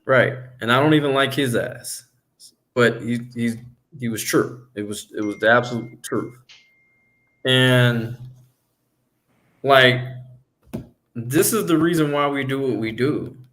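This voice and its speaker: A man in the middle range of pitch hosts a loose, casual conversation. He talks bluntly, curses freely and gets animated when he tells a story. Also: takes it slowly, pauses often. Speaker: podcast host. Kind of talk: casual chat.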